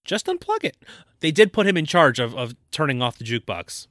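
A man's voice: medium pitch, expressive, fast, fairly bright tone, no echo. A man co-hosting a podcast, casually recapping a film scene by scene in a laid-back, dry way. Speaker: podcast co-host.

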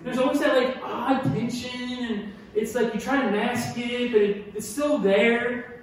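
High-voiced preacher in an echoey hall. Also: male voice, a little slow. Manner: animated, emphatic, repeats key lines, asks the audience questions. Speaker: pastor. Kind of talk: sermon. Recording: echoey hall from far off with faint noise.

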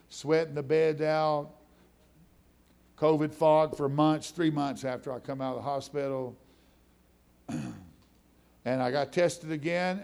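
Gravelly man preaching a testimony. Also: medium pitch, darkish tone. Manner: conversational storytelling, voice rising into fervent preaching. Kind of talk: testimony sermon.

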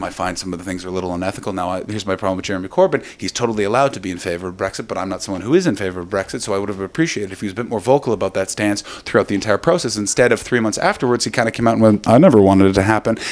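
A young adult man doing a comic storytelling monologue, swearing often, laughing at his own jokes and slipping into quoted voices. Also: medium pitch.

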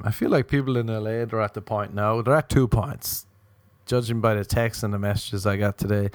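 A man's voice: on the low side, dry recording. Sardonic young man ranting on a podcast. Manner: sardonic, swearing, self-mocking. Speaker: podcast host. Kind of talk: solo comedic podcast rant. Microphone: podcast microphone.

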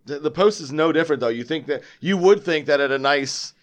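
A man chatting casually on a podcast, telling bar stories in an animated way, mimicking rude customers and swearing freely. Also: on the high side, a little fast. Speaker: podcast regular, bartender. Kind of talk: casual chat.

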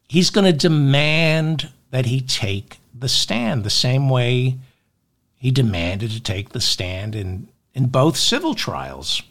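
A man delivering political news commentary, emphatic and animated, repeating points for effect and acting out quotes in altered voices. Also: mid-range voice, slow.

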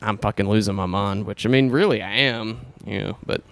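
A man's voice: fairly low pitch, fairly quick, dry recording. A man hosting a casual chat podcast, talking in a rambling, profane way. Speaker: podcast host.

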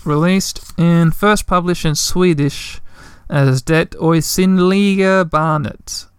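A man's voice: high-pitched, slow pace, clear, resonant tone, no room sound. Man reading a storybook aloud, chatty. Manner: relaxed, chatty, self-deprecating.

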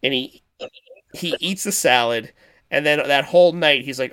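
A man co-hosting a podcast in casual chat, rambling and animated as he retells movie scenes. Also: medium pitch, measured pace, clear, resonant tone. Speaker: podcast co-host.

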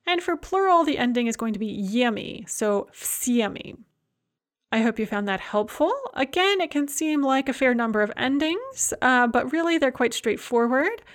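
A woman with a slightly high voice explains grammar endings slide by slide. She talks in a calm, orderly teaching manner and pauses to read each example word aloud. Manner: clear, methodical, reads out example words. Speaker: language teacher.

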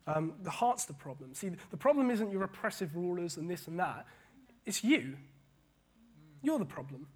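A man preaching a casual sermon, animated, often repeating words and paraphrasing scripture. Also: high-pitched, normal speed, breathy edge.

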